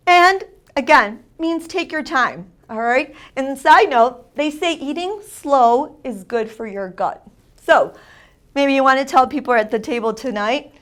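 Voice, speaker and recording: A woman's voice: high voice, expressive, measured pace. A woman hosting a community TV show, giving an upbeat Spanish lesson and drilling phrases with emphatic repetition. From Italian heritage. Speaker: show host and Spanish teacher.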